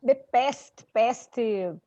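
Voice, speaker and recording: A woman's voice: on the high side, takes it slowly, mellow, dry recording. Woman, English student, hesitant, mixes languages, dry dull sound. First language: Portuguese. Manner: hesitant, switches between Portuguese and English.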